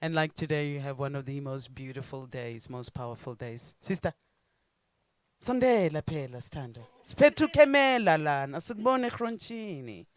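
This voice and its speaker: Brief: emcee, man, smooth high-ish voice, dry. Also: lively intonation, moderate pace, dry recording.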